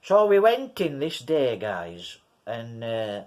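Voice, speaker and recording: A man's voice: medium pitch, huge pitch swings, slow pace. An English man vlogging, telling a rambling story to his viewers and calling them guys. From England. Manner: rambling, repeats himself, addresses viewers as guys. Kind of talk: casual storytelling to camera.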